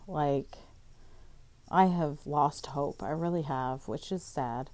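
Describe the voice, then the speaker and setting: Exasperated woman ranting with a mellow voice. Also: deep voice, slow pace, no echo. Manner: profane, exasperated, heavy use of "like". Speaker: vlogger. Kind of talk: casual storytime rant.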